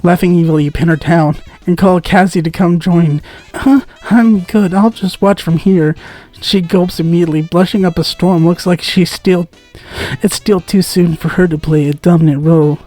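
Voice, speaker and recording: A man's voice: high voice, steady tone, normal speed, mellow, faint music behind. A man giving let's-play commentary, reading game text aloud and making joking asides with frequent giggles. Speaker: gaming content creator.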